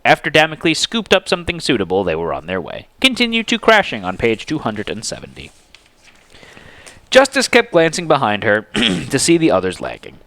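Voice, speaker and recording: A man narrates a fantasy adventure with expressive, animated delivery. His pitch swings widely from line to line while the overall tone stays medium. The recording is close and dry. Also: normal speed, dry recording. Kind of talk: dramatic storybook reading.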